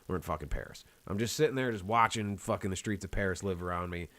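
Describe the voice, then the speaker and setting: A man's voice: low-pitched, quick pace, a bit bright. An American man hosting a podcast, telling long, rambling, profanity-laced stories in casual chat. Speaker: podcast host.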